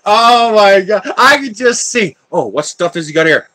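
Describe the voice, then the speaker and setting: Man, livestream host, animated storyteller, frequent laughter, fairly high voice, bright tone. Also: moderate pace. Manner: animated, laughs often, tells stories, reads viewer chat aloud. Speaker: livestream host building a 3D printer. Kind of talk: casual live-stream chat.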